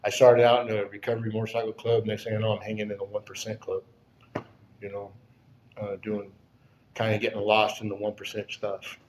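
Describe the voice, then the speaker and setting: A man's voice: on the low side, completely flat delivery, brisk, darkish tone, slight background noise, low-quality recording. A man in his fifties giving an earnest personal testimony at a recovery gathering, rambling through his story and checking in with "you know?" again and again.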